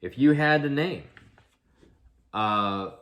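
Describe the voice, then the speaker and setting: A man's voice: mid-range voice, expressive, slow, fairly bright tone. A man, a father of a grown son, giving an earnest commentary monologue full of rhetorical questions and restarts. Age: adult, father of an eighteen-year-old. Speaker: video commentator.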